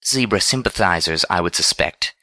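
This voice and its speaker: A man reading a storybook voices a refined, proud unicorn mare who speaks in a prim, measured way. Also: deep voice, bright, forceful tone, no echo. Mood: stubborn.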